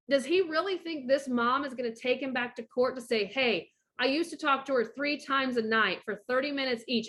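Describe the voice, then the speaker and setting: A high, bright woman's voice talking fast and blunt, full of profanity. She gives casual divorce advice like a straight-talking coach. She acts out the people she quotes.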